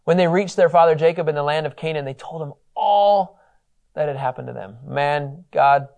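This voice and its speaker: Man, Bible teacher, class lesson, animated joking storyteller, fairly high voice. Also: normal speed, vocal fry.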